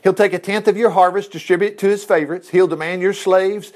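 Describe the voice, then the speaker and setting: A man's voice: high voice, steady tone, fast talker, a little mellow. A middle-aged man teaching from the Bible in a folksy, rambling way, full of asides and exclamations. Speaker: preacher.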